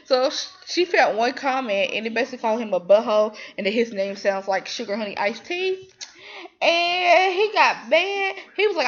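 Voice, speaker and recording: A woman's voice: a little high, normal speed, highs cut off. A woman casually recapping a TV drama episode, rambling with lots of fillers and restarts and slipping into quoted voices. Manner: animated, slips into quoted voices.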